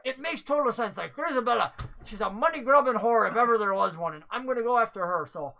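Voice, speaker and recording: A woman puts on a blustering, excitable male gambler in a tabletop game, stammering as he lurches from indignation to apology. His voice sits high and bright, clipped and sharp at the edges. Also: quick pace, vocal fry, heavily acted. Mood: apologetic.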